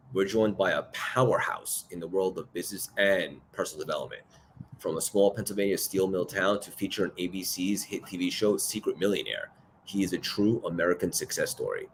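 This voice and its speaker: Deep-voiced man with a new york accent hosting a live podcast, hyped effusive intros, faint background hum. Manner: hype-filled, effusive introductions. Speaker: podcast host.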